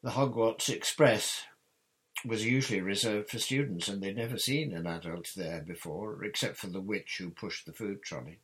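A man reading a novel aloud in steady audiobook narration. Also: on the low side, moderate pace, poor audio. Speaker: reader.

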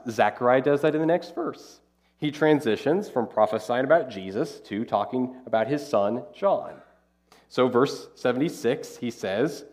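A man preaching a conversational, animated Bible-teaching sermon as pastor. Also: medium pitch, normal speed.

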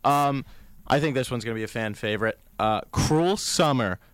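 A young man in his twenties co-hosting a radio show, chiming in with quick, slightly flustered remarks. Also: mid-range voice, a bit bright, clear, resonant tone, no echo. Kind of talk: casual chat.

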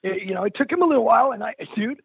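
Raspy older man on a tinny phone line. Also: very high voice, lively intonation, racing, no echo. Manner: earnest, calls the host dude and bro. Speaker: interview guest, musician. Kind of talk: candid emotional interview.

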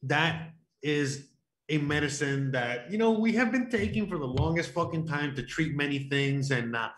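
A man's voice: on the high side, expressive, normal speed, a bit bright. Rambling, foul-mouthed man. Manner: rambling, lots of fillers, crude swearing. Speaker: podcast co-host. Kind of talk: casual chat.

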